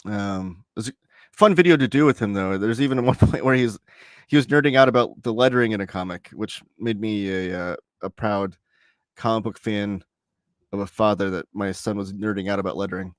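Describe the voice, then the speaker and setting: A man's voice: lowish voice, brisk, dry recording, studio quality. Laid-back male livestream host. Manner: relaxed, rambling, reads chat messages aloud. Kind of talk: casual livestream chat.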